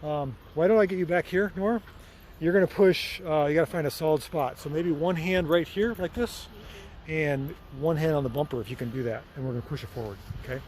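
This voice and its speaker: A man's voice: a little high, fairly quick, darkish tone, slight background noise. A middle-aged man running a casual vlog in his auto repair shop, talking friendly through each step as he works. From United States. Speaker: mechanic and channel host. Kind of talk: casual shop vlog, explaining while working.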